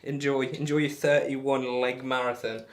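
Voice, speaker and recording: A man's voice: medium pitch, little pitch movement, normal speed. A man chatting casually on a live stream, reading out viewer comments and bantering between darts throws in a rambling, friendly way. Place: home room while throwing darts.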